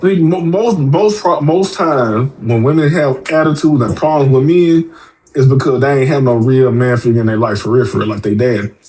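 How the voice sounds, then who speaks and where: A male podcast guest speaks at a normal speed with a medium-pitched voice. In casual chat he's blunt and profane, telling animated stories and acting out the voices of the people in them.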